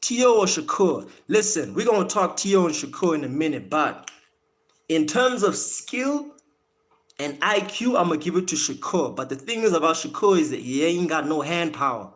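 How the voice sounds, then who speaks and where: A man's voice: fairly high pitch, animated, brisk, fairly bright tone. A man from Africa, casually talking boxing on a live stream and repeating words as he restarts his sentences. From South Africa.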